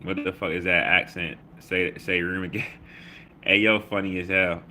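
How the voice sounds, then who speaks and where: This Baltimore man hosts a casual livestream, reading chat comments out loud with shout-outs in a loose, slangy way. His voice is low and bright, level in tone, at normal speed, with slight hiss or hum in the recording.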